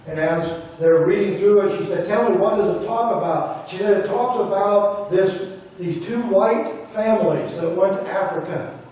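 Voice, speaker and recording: A man's voice: sits high, normal speed, a little mellow. A man preaching a sermon, retelling a story and quoting the people in it. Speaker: pastor. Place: church sanctuary. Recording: roomy church audio from a distance.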